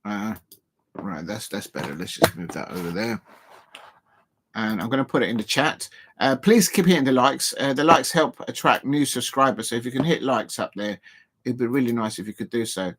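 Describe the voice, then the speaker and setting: A man's voice: medium pitch, moderate pace, a bit bright. Chatty male football streamer, rambling. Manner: rambling, many ums and restarts, chatty asides to viewers. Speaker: football live stream host. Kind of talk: casual live-stream football chat. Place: home, seated at a table.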